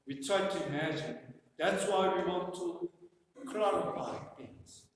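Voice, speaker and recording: This workshop presenter speaks to a live group in a high voice and a somewhat slow pace, chatting jokingly and dropping frequent "you know" fillers. The audio comes from far away in a reverberant hall, with faint noise.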